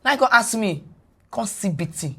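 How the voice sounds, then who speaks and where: A Nigerian woman, a guest on a podcast, retelling a personal story in animated English mixed with Pidgin. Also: mid-range voice, moderate pace, slightly rough.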